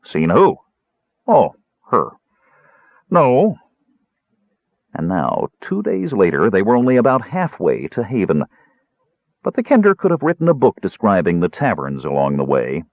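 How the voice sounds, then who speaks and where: A man narrating a fantasy story aloud in an expressive storytelling manner. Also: on the low side, moderate pace, no room sound. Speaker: audiobook narrator. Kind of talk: scripted narration. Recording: tinny phone-like sound.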